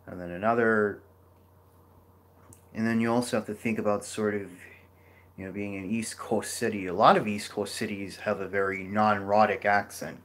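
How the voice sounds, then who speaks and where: A man's voice: on the low side, fairly even intonation, moderate pace, a bit bright. A man giving a casual geography lecture over a map, rambling with many fillers and restarts. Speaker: geography educator.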